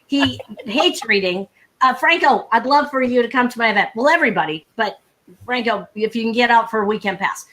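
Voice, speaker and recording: A woman sales coach speaking live over a video call, brisk and emphatic, with frequent laughter and humor. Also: fairly high pitch, fairly bright tone, a little hiss or hum. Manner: brisk, emphatic, laughs often, acts out dialogue. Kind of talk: energetic live talk with humor.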